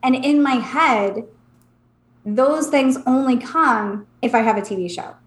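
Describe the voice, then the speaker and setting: A woman's voice: high-pitched, unhurried, reverberant. A woman co-hosting a casual podcast, telling a personal story with emotion and many "like" fillers, close to tears. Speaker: podcast co-host, psychic.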